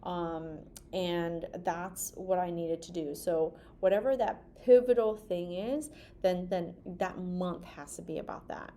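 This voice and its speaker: A woman's voice: on the low side, fairly even intonation, unhurried, hardly any pauses, warm tone, a little hiss or hum. A woman in her forties hosting a talk to camera from her desk, chatty and rambling, often tagging on "right?". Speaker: podcast host and hand therapist. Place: home office at a desk.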